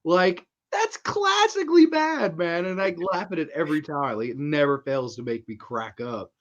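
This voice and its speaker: A man's voice: fairly high pitch, brisk, dull audio. A man hosting a casual horror movie review chat, enthusiastic and laughing as he retells scenes, swearing freely. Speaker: horror movie podcast host.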